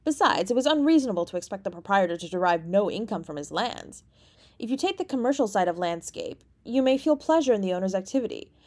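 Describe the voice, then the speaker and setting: Woman reading a story, measured. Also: mid-range voice, expressive, darkish tone. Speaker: audiobook reader. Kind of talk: scripted narration.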